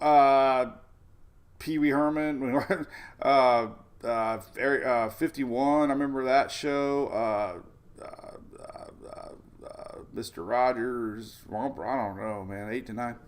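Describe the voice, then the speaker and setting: A man hosting a casual weather livestream, walking through maps and rambling off topic in a chatty way. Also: mid-range voice. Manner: talks over weather maps on screen. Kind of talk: casual tropical weather briefing.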